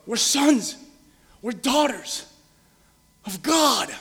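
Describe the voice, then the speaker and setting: Male pastor, high voice, passionate sermon, direct questions to the congregation, long hall reverb. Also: expressive, drawn-out words, creaky, husky. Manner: impassioned, building to loud emphatic peaks.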